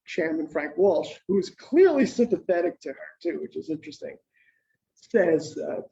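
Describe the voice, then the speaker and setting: A man in his sixties giving an informal history lecture as a guest speaker, telling stories in a lively way, with many fillers and restarts. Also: high-pitched, normal speed, vocal fry. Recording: distant, muffled lo-fi sound.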